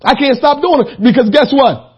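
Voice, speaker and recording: High-pitched shouting preacher. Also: male voice, normal speed, husky, muffled recording. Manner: shouting, crying out, swinging from loud to hushed. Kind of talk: fiery sermon.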